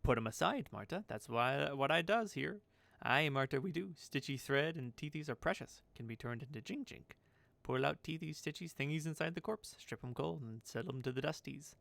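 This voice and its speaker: A man's voice: a little high, lively intonation, moderate pace, creaky, fairly bright tone, dry recording, pitched above the performer's own voice. A man voicing a sour, muttering female corpse-picker who chatters to herself in a sing-song voice and calls herself by name.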